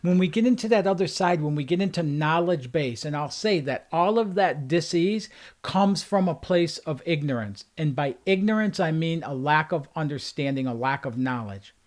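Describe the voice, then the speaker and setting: A man's voice: fairly high pitch, animated, moderate pace. A man who works as a life coach, giving an earnest motivational talk on a livestream and driving points home with repeated phrases. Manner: earnest, repetitive emphatic phrasing.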